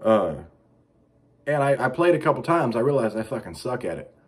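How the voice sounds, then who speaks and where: A middle-aged man delivering a crude, rambling comic monologue as a vlog host, profane with deadpan asides. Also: medium pitch, fairly quick, husky.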